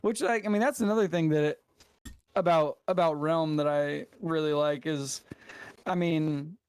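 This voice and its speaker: A man's voice: on the high side, normal speed, a little mellow, clear, resonant tone, no room sound. A male game streamer, a guest on a podcast, talking in an earnest, loose stream of thought in casual chat.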